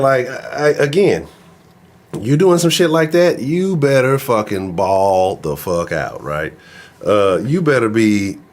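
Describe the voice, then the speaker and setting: A man hosting a live sports talk stream, ranting in an animated, profane, casual way. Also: lowish voice, creaky, a little hiss or hum. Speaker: sports talk show host.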